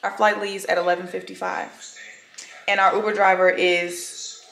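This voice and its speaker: A woman's voice: lowish voice, level tone, normal speed, gravelly, fairly bright tone. A woman vlogging casually to the camera from her bedroom, chatting with viewers and calling them y'all. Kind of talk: casual vlog chat to camera.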